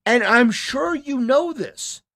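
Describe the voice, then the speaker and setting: A man reacts to a debate clip in a high, lively voice that swings up and down, scolding and mocking the speaker on screen. He takes his time, drawing out his words. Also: slow. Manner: mocking, indignant, talks back at the clip. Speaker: commentary host. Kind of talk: reaction commentary.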